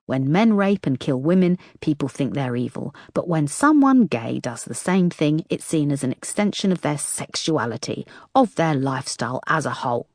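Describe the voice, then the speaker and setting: A woman's voice: deep voice, very animated, moderate pace, few pauses, darkish tone, dry recording, clean studio sound, exaggerated voice. A woman narrator voicing a weary, firm female police chief who speaks in a clipped, decisive way.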